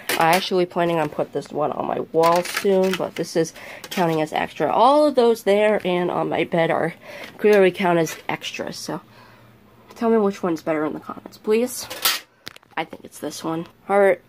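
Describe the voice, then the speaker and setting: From his bedroom at home, a male vlogger rambles through a relaxed show-and-tell, frequently stopping to fix what he's just said. His voice is high, and there's a faint hiss or hum in the background.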